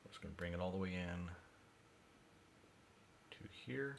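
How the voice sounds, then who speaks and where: A man livestreaming his CAD design work, thinking aloud in a mumbly way that drifts quieter as he concentrates. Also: low voice, expressive, moderate pace, creaky, a little hiss or hum.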